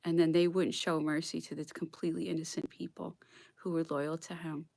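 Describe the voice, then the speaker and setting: A woman's voice: sits low, little pitch movement, fairly quick, creaky, a little mellow. A woman in an impassioned solo vlog monologue, dropping into whispers at times and close to tears. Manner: emotional, drops into whispered asides, near tears. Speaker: vlogger reading history aloud.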